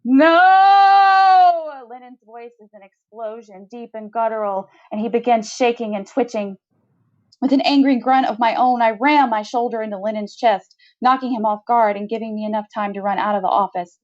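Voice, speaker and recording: Heard on a slightly dull, lo-fi recording, a woman with a fairly high voice reads a first-person short story she wrote herself, in a steady, measured narration.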